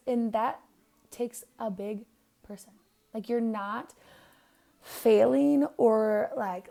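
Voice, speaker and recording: A woman's voice: fairly high pitch, vocal fry, a little mellow. A young woman giving a casual birth chart reading, blunt and profane, with lots of fillers. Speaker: astrologer.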